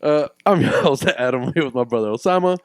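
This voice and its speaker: A man hosting a podcast in casual chat, relaxed and rambling, chuckling often. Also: medium pitch, quick pace, background noise. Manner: laid-back, chuckling, rambling. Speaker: podcast host.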